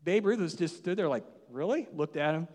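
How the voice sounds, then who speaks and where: Animated preacher in an echoing church. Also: male voice, fairly high pitch, fairly quick. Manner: animated storytelling, swings from hushed to emphatic. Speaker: pastor. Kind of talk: sermon. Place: church sanctuary.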